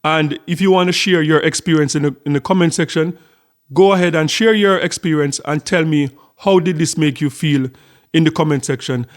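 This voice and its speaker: On his casual vlog, a middle-aged man from Jamaica who hosts the channel spins a chatty story, repeating words often. He speaks at a moderate pace in a voice on the high side.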